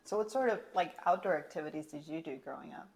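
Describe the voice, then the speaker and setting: Low-voiced young woman co-hosting a podcast. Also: lively intonation, quick pace. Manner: chatty, rambling with fillers. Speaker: podcast co-host. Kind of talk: casual podcast chat.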